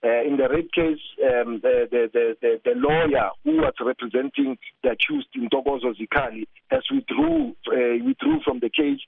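A man reporting live for the news, halting with many fillers and repeated words. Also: medium pitch, big pitch swings, vocal fry. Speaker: field reporter. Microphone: phone. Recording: tinny phone line.

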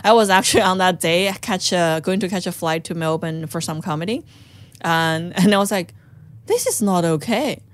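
A young woman comedian from China with a Chinese accent, telling an animated story on a podcast and acting out the people she quotes. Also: fairly low pitch, normal speed, no echo. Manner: animated, acts out quoted voices, non-native grammar. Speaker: comedian guest.

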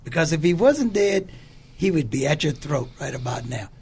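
A man's voice: a little high, very animated, normal speed, creaky, darkish tone, a little hiss or hum. An older man, a bishop from Oakland, telling his life story emphatically and acting out the quotes in a preacherly cadence. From Oakland, California. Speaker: bishop, guest. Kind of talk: candid testimony in a conversation.

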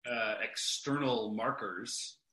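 A man, a guest author, talking earnestly about parenting in a relaxed podcast chat, restarting his sentences often. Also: fairly low pitch, slow pace, echoey room, poor audio. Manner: earnest, restarts often, amused when telling stories. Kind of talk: conversational podcast talk.

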